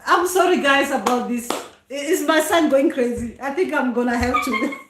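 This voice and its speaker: A woman's voice: high-pitched, huge pitch swings, normal speed, reverberant, background noise. A middle-aged South African woman, a traditional healer, chatting casually on a live stream and often exclaiming with laughter. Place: home room.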